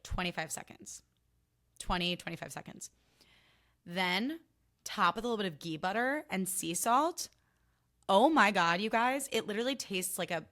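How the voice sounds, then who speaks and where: Young female podcast host, bright tone, candid and chatty, swears, ranty. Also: fairly low pitch. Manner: chatty, candid, swears freely, gets worked up in rants. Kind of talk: casual solo podcast chat.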